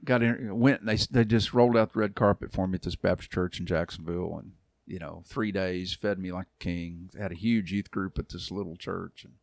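A man around sixty, a youth pastor, tells a long story in a relaxed podcast chat, acting out quoted voices and laughing often. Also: low voice, brisk, vocal fry, few pauses, no echo, clean studio sound. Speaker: youth pastor and church elder.

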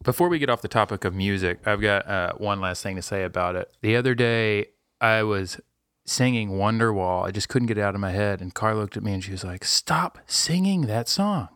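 A man's voice: fairly low pitch, fairly quick, a bit bright, clean tone, dry recording, studio quality. Laid-back cursing podcast guy. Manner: swearing, rambling, laid-back. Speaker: podcast co-host. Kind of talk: mock ad read and casual chat.

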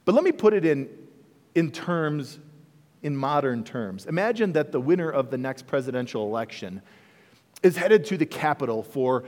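A man preaching a sermon as pastor, telling the story with animated delivery and acting out bits of dialogue. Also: medium pitch. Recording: echoey hall with long reverb.

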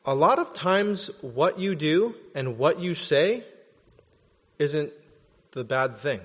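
A man preaches a sermon in a relaxed, chatty way, often checking in with his listeners. His fairly high voice swings widely in pitch. A long reverb from a large hall trails behind every phrase. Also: takes it slowly. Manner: animated and conversational, often asking "right?". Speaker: pastor.

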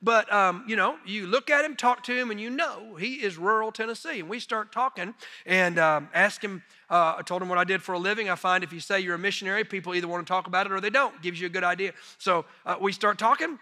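Middle-aged guy preaching, telling homey stories with jokes on himself, high bright voice, big echoey church. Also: fast talker, few pauses. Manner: folksy, animated storytelling with self-deprecating humor. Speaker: missionary preacher. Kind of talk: sermon storytelling. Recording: long reverb of a large hall.

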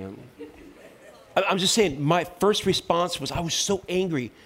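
A middle-aged man preaching a sermon in a church, telling stories and building up to loud, fervent exhortation. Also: on the high side, expressive, normal speed. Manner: storytelling, voice rising to loud preaching. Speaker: pastor.

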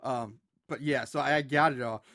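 A man's voice: mid-range voice, steady tone, moderate pace, bright, forceful tone. A man co-hosting a casual film discussion podcast, chatty and rambling, laughing often. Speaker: podcast co-host.

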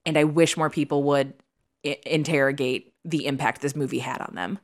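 A woman's voice: low-pitched, fairly even intonation, normal speed. A young woman co-hosting a podcast, talking in an emphatic, opinionated, chatty way. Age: young adult. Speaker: podcast co-host. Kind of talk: casual chat.

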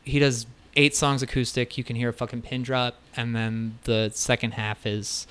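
Bright, clear-voiced man chatting. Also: medium pitch, flat delivery, moderate pace. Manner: enthusiastic, profane, storytelling. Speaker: podcast co-host. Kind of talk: casual chat about music records.

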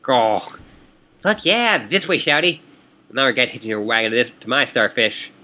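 A man's voice: fairly low pitch, steady tone, fast talker, sharp tone. A man voicing a brash teenage troll girl who talks in slang and fish puns while reading game dialogue. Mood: teasing. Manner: cocky, slangy, pun-heavy.

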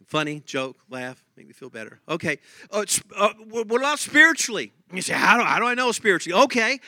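Male pastor, bright high voice, dry sound, casual joking sermon delivery. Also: dry recording. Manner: conversational preaching with jokes and laughs; asks the congregation many quick questions.

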